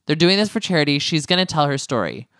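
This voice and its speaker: A man's voice: on the high side, big pitch swings, fast talker, sharp tone, no room sound, studio quality. A man co-hosting a casual chat, telling the story with lots of acted-out quotes. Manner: chatty, storytelling with quoted voices. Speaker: podcast co-host. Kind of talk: casual chat recapping a reality show.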